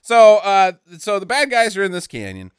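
A man riffing on a movie with his co-hosts, swearing and laughing as he goes. His voice is smooth and a touch high, and it swings up and down a lot. The sound is dry and close-miked. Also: moderate pace, no echo. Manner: animated, profane, laughing asides. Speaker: podcast co-host.

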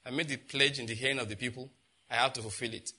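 A middle-aged man preaching to his congregation in a bright, forceful voice. He tells stories at a conversational pace, then climbs into loud, fervent outbursts. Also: mid-range voice, fairly even intonation, fast talker, husky. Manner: storytelling preacher who rises to loud, impassioned outbursts. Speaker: pastor. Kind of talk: sermon.

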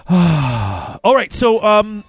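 A man's voice: high-pitched, wildly swooping pitch, very slow, breathy edge, no room sound, soft background music. Rambling male podcast co-host, dry sound. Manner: rambling, restarts sentences. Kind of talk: casual podcast chat.

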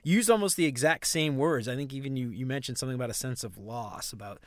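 A man's voice: mid-range voice, fast, no room sound. Laid-back New Orleans man, dry sound. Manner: rambling, laughs often, self-correcting. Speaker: podcast co-host. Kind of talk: casual chat.

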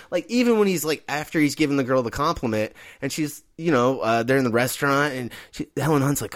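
A man's voice: medium pitch, a little fast, few pauses, no echo, studio quality. A man co-hosting a casual movie podcast, swearing freely and acting out lines from scenes. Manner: animated, swears freely, acts out quotes. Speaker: podcast co-host.

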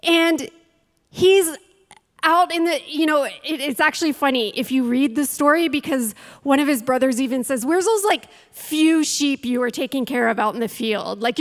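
A woman preaching a sermon, telling a Bible story and acting out its voices, building to fiery challenges. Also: sits high. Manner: storytelling, acts out quotes, rises to fiery challenges. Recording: long hall reverb.

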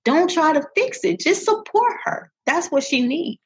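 A woman's voice: high-pitched, big pitch swings, normal speed. A woman co-hosting a podcast, speaking emphatically and repeating phrases for effect in casual conversation. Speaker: podcast co-host. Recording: dull lo-fi audio.

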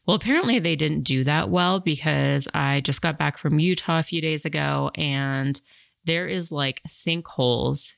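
Woman podcast host, chatty rambler, gravelly tone, dry close recording. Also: sits low, measured pace, dry recording. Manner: chatty, rambling, many fillers. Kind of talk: casual podcast chat.

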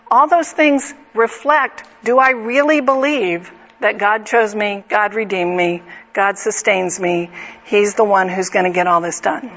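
A woman's voice: mid-range voice, a bit bright. A middle-aged woman teaching a Bible study group in an earnest, conversational way, asking the group direct questions. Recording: slightly dull lo-fi recording.

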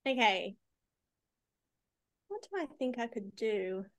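A woman's voice: a little high, big pitch swings, takes it slowly. A woman with an Australian accent, chatting as a podcast guest, rambling and thinking aloud with likes and ums. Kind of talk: casual podcast chat.

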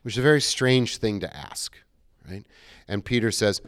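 A man's voice: on the low side, expressive, a little fast, dry recording. A middle-aged male pastor giving a conversational sermon, acting out quoted dialogue as he goes.

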